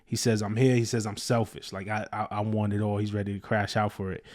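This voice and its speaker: A man with a fairly low speaking voice hosts a casual music reaction. He reads lines aloud and explains them in a relaxed, chatty way, full of fillers and restarts. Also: brisk. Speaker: host, music commentator.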